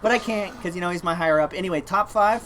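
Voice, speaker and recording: A young man co-hosting a casual podcast tells a work story fast in a high voice, with a little hiss or hum in the audio. He's an animated storyteller who acts out quotes and laughs often.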